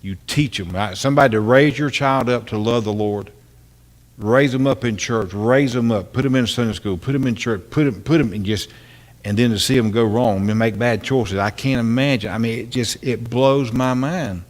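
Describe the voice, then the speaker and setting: A man's voice: medium pitch, normal speed. An older man, a pastor, preaching an earnest, impassioned sermon full of repeated phrases and rhetorical questions.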